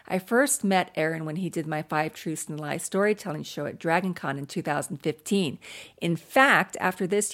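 A woman hosting a podcast, chatting casually with a guest, laughing easily and jumping between quick asides. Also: fairly low pitch. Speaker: podcast host.

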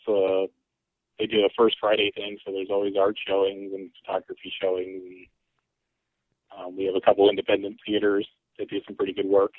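A man's voice: sits low, monotone, fairly quick, no echo. A man from Alaska, a guest on a podcast, chatting in an easygoing, hesitant way with many ums. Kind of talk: casual conversation. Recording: phone-line call audio.

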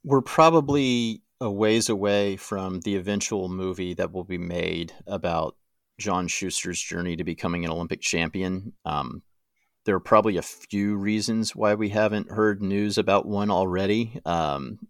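A man's voice: low-pitched, steady tone, moderate pace, no echo, studio quality. A man co-hosting a sports podcast in casual chat, playful and speculative, often laughing at his own ideas. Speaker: podcast co-host.

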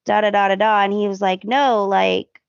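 A woman's voice: medium pitch, normal speed, creaky, smooth, no room sound, muffled recording. A woman co-hosting a podcast, chatting casually and acting out characters' lines as she recaps. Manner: animated retelling, acts out characters' lines. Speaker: podcast co-host.

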